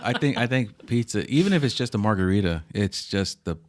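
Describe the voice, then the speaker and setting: A man's voice: on the low side, animated, fairly quick, background noise. A man co-hosting a podcast, chatting casually and joking, often restarting his sentences. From Puerto Rican family. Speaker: podcast co-host. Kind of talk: casual chat.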